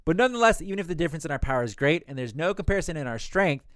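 A blunt, determined young swordsman, read out by a man in a quick, crisp voice, close and dry. The lines are spoken plainly rather than acted. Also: on the high side, sing-song, no echo. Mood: resolute. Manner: read-out quotes, near his own voice.

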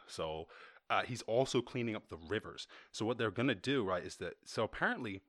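A man with an Irish accent, a podcast host and software developer, ranting casually in a profane, sarcastic, animated way. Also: fairly low pitch, brisk, no room sound, clean studio sound. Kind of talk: casual rant.

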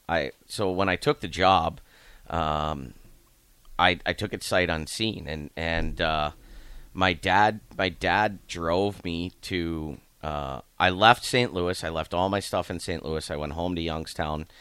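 Deep-voiced coach telling rambling stories. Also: male voice, slow pace, a bit bright, clean tone, dry recording. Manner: rambling anecdotes, acts out voices of people in his stories. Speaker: hockey coach. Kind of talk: casual storytelling interview.

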